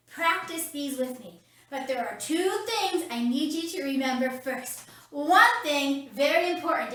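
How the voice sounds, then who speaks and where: A children's ministry leader runs kids' story time from her home, upbeat and speaking straight to the children. Her voice is high, pushed and bright. The roomy indoor space makes the recording very echoey, with the mic set at a distance.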